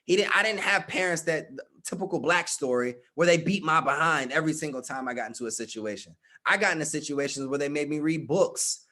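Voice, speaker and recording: A man's voice: fairly high pitch, pushed and bright. A middle-aged man coaching a live group, emphatic and direct, calling on listeners by name and repeating his points. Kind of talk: motivational talk with audience.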